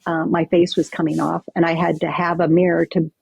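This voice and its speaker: Low husky woman guest telling her story all animated, dry dull sound. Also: brisk, no room sound. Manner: vivid, animated retelling with acted-out quotes. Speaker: podcast guest. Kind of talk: personal storytelling in conversation.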